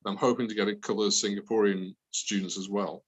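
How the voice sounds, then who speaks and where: A man's voice: fairly low pitch, level tone, quick pace, husky, poor audio. A middle-aged man from the north of England with a Northern English accent, addressing new students in a chatty, rambling way full of restarts. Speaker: English teacher. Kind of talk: online class introduction.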